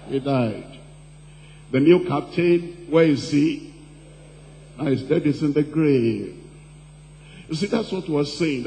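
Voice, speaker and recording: Pastor preaching in an echoing hall. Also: male voice, a little high, mellow. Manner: preaching with call-and-response questions to the congregation; reads scripture slowly and deliberately. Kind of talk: sermon. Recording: distant-sounding hall recording with faint hum.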